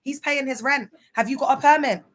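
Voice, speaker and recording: A woman's voice: high voice, fairly quick, fairly bright tone. A woman speaking out in a casual vlog monologue, impassioned, sometimes spelling out words letter by letter. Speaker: former church member speaking out.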